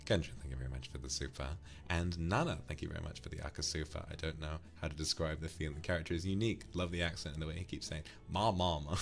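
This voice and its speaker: A man's voice: a bass voice, steady tone, racing, gravelly, few pauses. A man from the UK, streaming and casually thanking viewers for donations, affectionately calling them darling. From United Kingdom.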